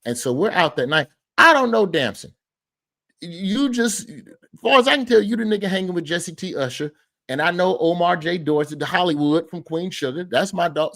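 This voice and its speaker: Guy on a podcast telling a story, loose and animated, cusses a lot. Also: sits high, gravelly. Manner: storytelling, animated, swears casually. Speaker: guest comedian. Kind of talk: casual podcast chat.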